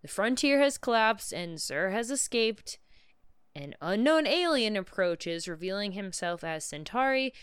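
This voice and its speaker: A woman's voice: medium pitch, animated, a little slow, clean tone, dry recording, clean studio sound. A woman co-hosting a podcast, recapping a film plot in a wry, matter-of-fact way. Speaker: podcast co-host.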